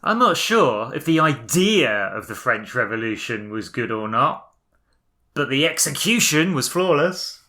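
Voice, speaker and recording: A man's voice: mid-range voice, big pitch swings, unhurried, pushed and bright. A man co-hosting a casual chat with his child, telling puns and laughing at his own jokes. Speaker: podcast co-host, father.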